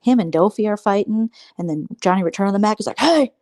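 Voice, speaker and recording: Fast-talking and warm-toned, this livestream host runs a casual late-night show full of gossip and sarcasm. She rambles and mocks people by imitating them in squeaky, high-pitched voices. There's no echo.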